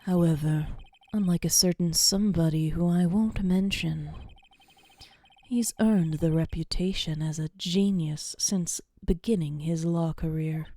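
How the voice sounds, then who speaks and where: A woman's voice: fairly low pitch, fairly even intonation, measured pace, dark tone, no echo. A woman doing a teasing older mentor lawyer.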